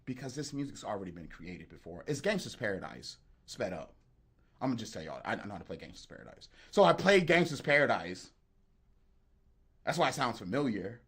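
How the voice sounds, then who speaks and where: Lively joking beat producer, man. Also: fairly low pitch, a little fast, husky. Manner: animated, joking, talks straight to the chat. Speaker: beat producer streaming live. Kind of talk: casual livestream chat while making beats.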